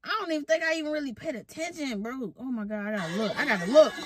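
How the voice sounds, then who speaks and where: High-pitched lady yelling and laughing at a fight vid, voice jumps all over the place, cussing and talking to chat. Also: fast, over a noisy crowd. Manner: excitable, loud exclamations and laughter; swears freely, talks to viewers directly. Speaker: reaction vlogger. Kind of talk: casual reaction commentary.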